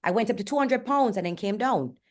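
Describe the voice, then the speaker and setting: A woman's voice: mid-range voice, expressive, a little fast. A Jamaican woman in her forties hosting a candid motivational talk, frank and earnest and speaking bluntly. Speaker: host and fitness coach.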